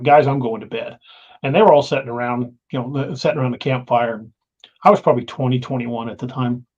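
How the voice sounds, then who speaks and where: A man tells stories about the woods in a loose, rambling way, restarting and repeating himself. His voice sits at an average pitch. The recording is dull and lo-fi. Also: a little mellow. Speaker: guest. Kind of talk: casual storytelling. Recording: dull lo-fi sound.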